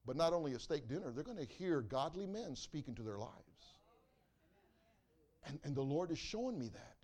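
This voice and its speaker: A man preaching a sermon as pastor, swinging from loud exclamations to quiet asides. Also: fairly high pitch, sing-song, moderate pace.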